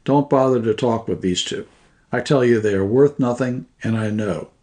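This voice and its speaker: A man's voice: mid-range voice, moderate pace, mellow, close to an everyday voice. A man voicing a contemptuous young man who speaks curtly and dismissively.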